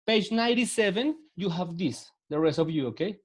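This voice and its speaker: A man's voice: sits high, animated, a little fast. A man who speaks English with a Spanish accent, teaching an online class over a video call. He talks patiently, repeats words and gives step-by-step instructions. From Latin America.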